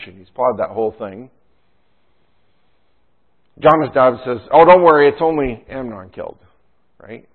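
Man preaching over a tinny line. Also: medium pitch. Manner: preaching, with rhetorical questions and frequent "right?". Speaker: pastor. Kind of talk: sermon. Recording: tinny phone-like sound.

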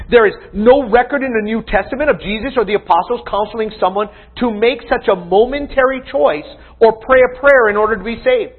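A man's voice: very high voice, husky. A man preaching a sermon as pastor, teaching with emphatic questions to his congregation. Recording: tinny phone-like sound.

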